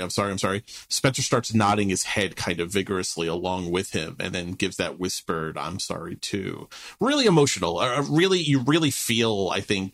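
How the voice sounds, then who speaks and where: Low-voiced male podcast co-host. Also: a bit bright. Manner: earnest, analytical, with fillers. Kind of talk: casual podcast discussion.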